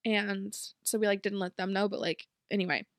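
A young woman co-hosting a podcast in casual chat, telling a rambling story that she breaks up with quick bursts of speech. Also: medium pitch, fairly even intonation, no room sound, clean studio sound. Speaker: podcast co-host.

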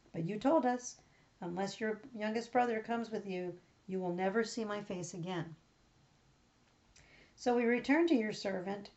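A pleading elder brother, read by a woman in an earnest, everyday reading voice with a few small slips. The pitch sits in the middle, and the recording sounds dull and lo-fi. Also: warm tone, close to an everyday voice.

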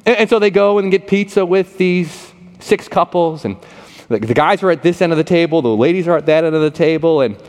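A man preaching a sermon, telling a story in a conversational, animated way and often repeating words. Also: fairly high pitch, brisk. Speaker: pastor. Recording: long reverb of a large hall.

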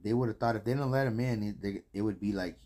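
A man from New co-hosting a casual podcast, laid-back and profane, trailing off into quiet asides. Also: lowish voice, quick pace. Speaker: podcast co-host. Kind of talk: casual chat.

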